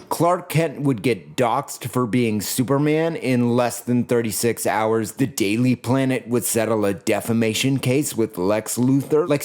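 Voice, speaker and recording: Sardonic man narrating a video essay. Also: darkish tone. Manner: sardonic and jokey, with swings in pitch.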